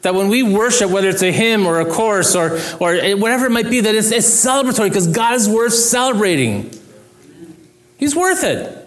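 Middle-aged male pastor, slightly higher pitch; earnest conversational sermon with self-deprecating jokes. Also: animated, quick pace, few pauses.

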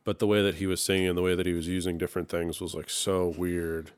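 A man hosts a podcast and chats in an easy, hesitant way, with a few fillers along the way. His voice sits very low. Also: little pitch movement, fast talker, smooth, dry recording. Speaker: podcast host. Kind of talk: casual chat.

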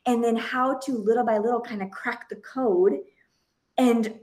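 A woman in her thirties hosts a casual podcast conversation as a parenting coach. Her voice sits fairly high, and she talks earnestly and expressively, often breaking off and restarting her sentences. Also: steady tone, a little slow, darkish tone.

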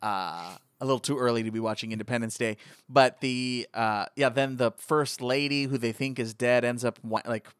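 A man's voice: medium pitch, moderate pace, a bit bright, smooth, no echo, studio quality. A man hosting a podcast, rambling playfully through a movie recap. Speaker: podcast host. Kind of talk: casual movie chat.

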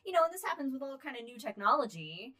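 A woman co-hosting a podcast, chatting casually about astronomy news with lots of ums and uhs and a loudness that rises and falls. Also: sits high, sing-song, quick pace. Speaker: podcast co-host.

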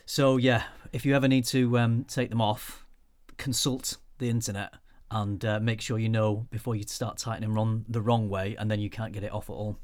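Spokojny brytyjski mężczyzna, luźna rozmowa. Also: male voice, fairly low pitch, moderate pace, hardly any pauses. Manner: relaxed, knowledgeable, laughs along. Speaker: podcast co-host. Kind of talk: casual chat.

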